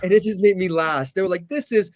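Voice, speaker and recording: A man's voice: high-pitched, fast talker, a little mellow, no echo, studio quality. A man in casual podcast chat who gives enthusiastic, heartfelt comments.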